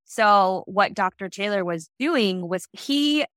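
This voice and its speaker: A woman's voice: medium pitch, slow pace, dry recording. A woman in her late thirties telling a personal story in an earnest, reflective conversational way. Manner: earnest, reflective, lively when quoting others.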